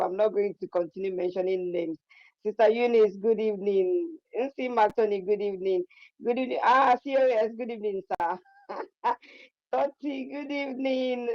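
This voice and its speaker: A woman's voice: medium pitch, dark tone, no room sound. A woman speaking as a caller, greeting everyone politely before her speech. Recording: dull dry call audio.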